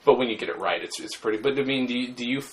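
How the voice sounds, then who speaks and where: A man hosting a podcast in casual chat, halting and laughing. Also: mid-range voice, slight background noise. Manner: halting, many restarts, laughs. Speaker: podcast host.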